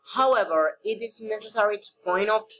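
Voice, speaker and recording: A man teaching a recorded English pronunciation lesson, reading slowly with non-native phrasing. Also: high voice, sharp tone, soft background music, poor audio.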